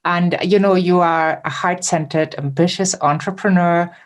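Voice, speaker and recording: Low-voiced woman podcast host. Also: steady tone, moderate pace. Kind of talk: interview talk.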